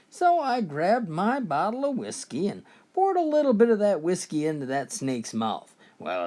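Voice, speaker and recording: A man tells jokes in a folksy storytelling style, often opening his lines with "well." His voice is a little high and a little mellow.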